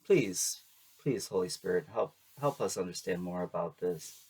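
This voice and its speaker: A man's voice: low voice, expressive, unhurried, darkish tone, breathy edge. A man giving a casual tarot reading to camera, chatty and playful, laughing often and making sassy asides. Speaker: tarot reader.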